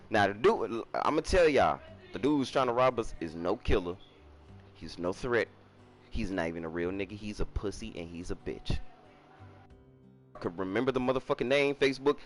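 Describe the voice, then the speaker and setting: A young man, telling a casual storytime in an emphatic, profane way. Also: medium pitch. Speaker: storyteller streamer.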